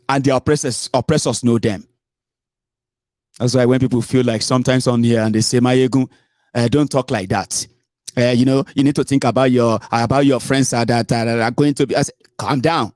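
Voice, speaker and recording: A Nigerian man with a Yoruba accent hosting an online radio show, giving animated political commentary mixed with Pidgin. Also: medium pitch, normal speed, dry recording, studio quality. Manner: animated, mixing Pidgin and Yoruba, stretching words for emphasis.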